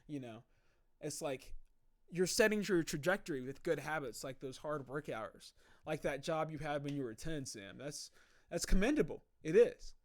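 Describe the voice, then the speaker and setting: A young man streaming live, chatting casually and reading viewer messages, rambling and reflective with many fillers. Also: a little high.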